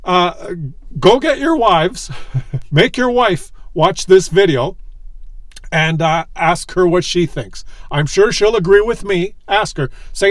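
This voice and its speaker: A man tells a rambling, animated story from his parked car, chuckling as he digresses. His voice sits a bit high for a man. The sound is dry and close, with no room echo. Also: takes it slowly. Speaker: vlogger.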